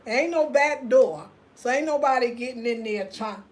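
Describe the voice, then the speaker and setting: A woman, hosting a casual livestream rant, telling an animated story straight to her viewers and reading their comments aloud. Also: a little high, moderate pace. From United States. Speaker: host.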